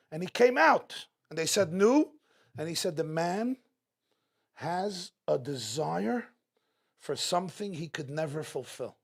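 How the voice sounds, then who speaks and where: In front of a live audience in an event hall, a man with a high voice and vocal fry addresses a religious gathering as guest speaker. His talk is dramatic and inspirational, built around rhetorical questions he asks again and again.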